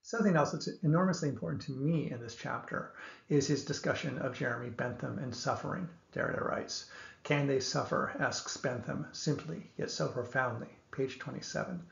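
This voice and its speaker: A man giving an explanatory lecture, speaking in a measured way and thinking aloud with small restarts. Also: medium pitch, creaky. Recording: echoey room, dull lo-fi sound.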